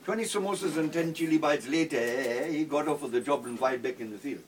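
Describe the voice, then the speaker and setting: A man's voice: a little high, brisk, a crowd in the background. A man telling a comic story full of quoted dialogue, then singing a funny song. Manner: rambling anecdotal storyteller, asides and quoted dialogue. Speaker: comedian and singer. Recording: distant mic with loud guitar.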